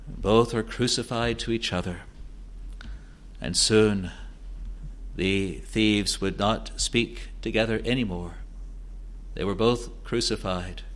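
A man preaching an expository sermon, quoting scripture in old wording and repeating phrases for emphasis, moving between hushed low passages and rising, insistent declarations.

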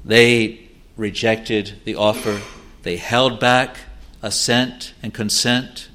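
A man preaching a sermon in an earnest, pleading way, swinging between loud urging and hushed low asides. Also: fairly even intonation, slow pace.

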